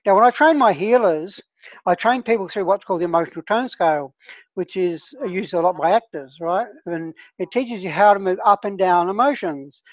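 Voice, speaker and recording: A woman's voice: medium pitch, moderate pace, dry recording. Woman, plant medicine facilitator, casual teaching talk, earnest, on a dull lo-fi call line. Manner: earnest, conversational, often checks in with "right?". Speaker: plant medicine healer leading a discussion group.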